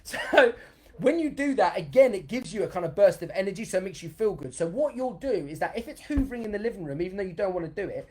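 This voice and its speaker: A man's voice: sits high, quick pace. Upbeat man leading a live session. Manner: energetic and chatty, reads viewer comments aloud mid-talk; bursts into loud cheers for emphasis. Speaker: dance educator hosting a live online session. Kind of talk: live-streamed motivational workshop.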